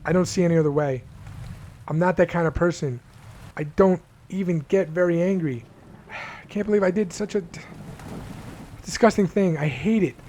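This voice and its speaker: A man's voice: high-pitched, normal speed, pauses often, a little mellow, a little hiss or hum, natural voice. A man reading aloud the lines of a frightened, remorseful sixteen-year-old boy from a game, stammering and restarting as he goes. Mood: desperate.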